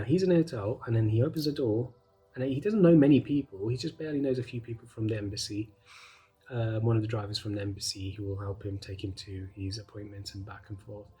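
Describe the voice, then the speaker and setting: Husky guy telling a story casual, lots of "like", acts out the lines, mellow tone. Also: fairly low pitch, low-quality recording. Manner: animated retelling with filler words and quoted dialogue.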